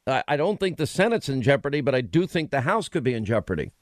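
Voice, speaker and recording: A man hosting a political talk radio show, talking in an emphatic, rhetorical way with quick restarts. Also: mid-range voice, big pitch swings, no echo.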